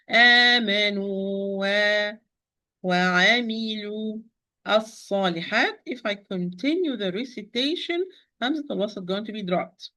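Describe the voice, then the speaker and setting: A woman gives a tajweed pronunciation lesson in a mid-pitched voice. She works through the sounds methodically, demonstrating each syllable in turn. Her corrections are patient and gentle. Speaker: Quran recitation teacher.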